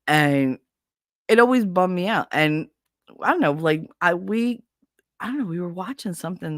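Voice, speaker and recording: A middle-aged woman tells a story on her casual talk show, cursing freely and acting out the voices of the people in it. Her voice sits low. The sound is close and dry, with no room echo. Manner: animated, swearing, acts out voices in retelling. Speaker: host.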